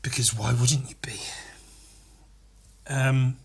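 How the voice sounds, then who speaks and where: A man's voice: mid-range voice, fairly even intonation, slow, vocal fry, breathy edge. A man hosting a podcast, rambling through a crude, mock-earnest comedy monologue with giggly asides. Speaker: podcast host.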